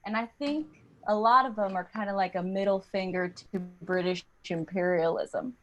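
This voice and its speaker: Over a computer mic on a video call, a young stand-up comedian performs a playful set, slipping in and out of silly accents. Her voice sits at medium pitch and she keeps a moderate pace.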